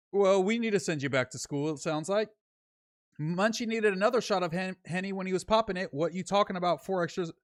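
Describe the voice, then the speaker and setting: A young man from Northern California hosts a relaxed livestream and reads viewer messages out loud, answering each one in easy slang. His voice sits a bit high for a man. The sound is dry and close, with no room around it. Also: no room sound. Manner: loose, slangy, reads super chats aloud and answers them. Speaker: streamer reading chat. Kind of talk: casual livestream chat.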